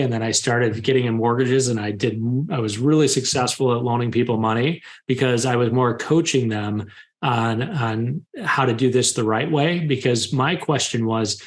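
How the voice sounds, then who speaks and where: A man in his thirties, a podcast guest, openly telling a personal story and getting animated as he retells scenes. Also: mid-range voice, moderate pace. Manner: open, confessional, animated when retelling scenes. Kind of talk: candid storytelling.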